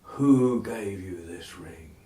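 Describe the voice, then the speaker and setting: A man voicing a weak, hungry master of a house with a squeaky voice, giving loud and demanding orders. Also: lively intonation, slow pace. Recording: roomy echo.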